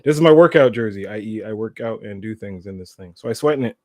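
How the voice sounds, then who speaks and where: A man's voice: fairly low pitch, animated, quick pace, no echo. A Canadian man co-hosting a toy podcast, chatting casually in a laid-back, rambling way and laughing easily. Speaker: podcast co-host. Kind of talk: casual chat.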